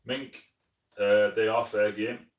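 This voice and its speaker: With a lowish voice that barely shifts in pitch, this Sheffield hunting channel host speaks slowly and has a South Yorkshire accent. Live-streaming from his lodge in an echoey room, mic some way off, he answers viewer comments in a friendly, plain-spoken way, often calling people mate.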